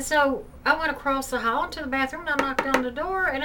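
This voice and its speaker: A brisk, high-pitched woman shares a ghost story on her home vlog, chatting loosely and filling gaps with "you know." It is casual spoken storytelling, recorded on a distant mic with faint hiss in the background.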